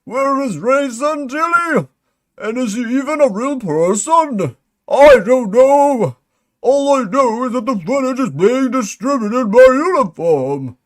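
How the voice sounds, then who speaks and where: A man putting on a high, urgent conspiracy agent. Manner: urgent, theatrical conspiratorial delivery. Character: male employee number fifty-three, conspiracy-minded agent. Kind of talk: dramatic reading of a mystery log.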